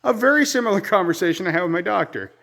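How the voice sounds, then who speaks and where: A man's voice: high voice, animated, rapid-fire, gravelly, fairly bright tone. A man from Ontario, telling a rambling, exasperated story in a casual outdoor vlog on his rural homestead. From Ontario, Canada. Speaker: vlogger.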